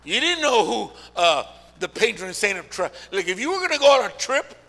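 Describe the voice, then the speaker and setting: A middle-aged man preaching a sermon in a large church, calling out to the congregation and swinging between shouting and hushed talk. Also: high voice, very animated, normal speed, creaky. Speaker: pastor. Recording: long hall reverb.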